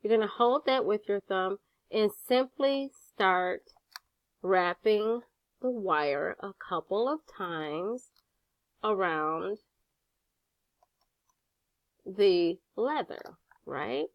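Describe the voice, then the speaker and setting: A sassy older woman talks through a craft tutorial at an unhurried pace, her pitch swinging up and down as she chats. She swears now and then. The room is dry and close, with no echo. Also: lively intonation, muffled recording. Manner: sassy, chatty, swears casually. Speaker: jewelry-making instructor.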